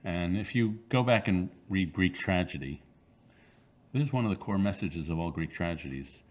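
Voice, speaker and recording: Very deep-voiced thoughtful man in his 60s. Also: animated. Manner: thoughtful, halting, with frequent fillers and restarts. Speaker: author being interviewed. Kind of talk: reflective interview answers.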